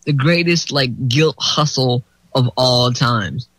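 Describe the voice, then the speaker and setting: A man's voice: medium pitch, takes it slowly, a bit bright, dry recording. A man as a returning guest on a talk radio show, rambling and stammering in profane, casual banter. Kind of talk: casual podcast chat.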